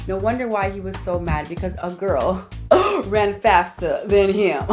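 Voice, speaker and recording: A woman telling a personal story in a casual, comedic, animated way, talking straight to viewers. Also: medium pitch, moderate pace, soft background music.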